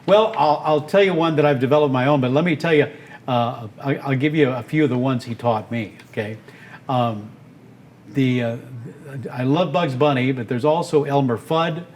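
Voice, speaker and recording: A man's voice: mid-range voice, normal speed, slight background noise. An older man, a radio and voice performer, telling stories as an interview guest with enthusiasm. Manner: animated, enthusiastic storyteller. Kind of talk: storytelling interview talk.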